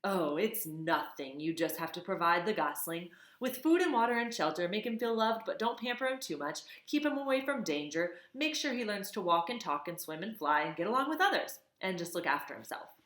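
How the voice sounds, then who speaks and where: A woman's voice: lowish voice, sing-song, brisk, hardly any pauses, fairly bright tone, reverberant. A woman voicing a fussy, stern old female goose who scolds and bosses. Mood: bossy. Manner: scolding, bossy.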